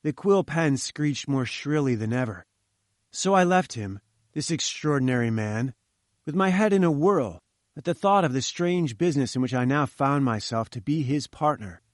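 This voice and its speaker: Expressive male storyteller, dry close sound. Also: medium pitch, normal speed, dry recording. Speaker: audiobook narrator. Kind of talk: scripted narration of a classic tale.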